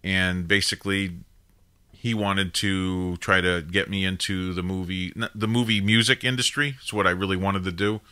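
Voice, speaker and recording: A man's voice: low voice, fairly even intonation, normal speed, sharp tone, clear, resonant tone. A man in his fifties hosting a live call-in show, telling a family story in a rambling, casual way full of asides. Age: 50s. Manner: rambling, digressive, with frequent "now" and "you know" asides.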